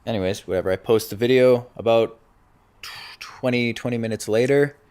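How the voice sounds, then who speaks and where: A man's voice: medium pitch, moderate pace, smooth. A young man co-hosting a podcast, telling a story in casual chat and laughing as he goes. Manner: animated storyteller, laughs through his own story. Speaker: podcast co-host.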